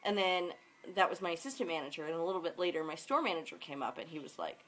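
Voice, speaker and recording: A young woman with a fairly low yet slightly bright voice talks fast and animatedly in a casual storytelling vlog. She tells a work story in a chatty, dramatic way, quoting the people involved in their own voices.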